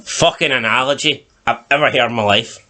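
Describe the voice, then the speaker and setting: A man's voice: medium pitch, brisk, bright, forceful tone. A man co-hosting a casual TV review chat, recapping plot points in a dry, skeptical way. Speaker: TV review podcast co-host.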